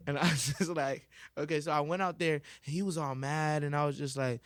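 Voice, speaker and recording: A man who is a guest on a podcast, telling a classroom story in an animated, casual way and acting out the voices. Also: on the high side, fairly quick, hardly any pauses, no room sound.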